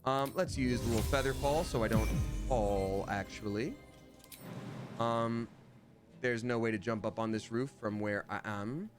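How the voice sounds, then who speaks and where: A man streams a fantasy video game, chatting casually and playfully with viewers and jumping into silly voices. His mid-range voice runs a little slow. Music plays in the background.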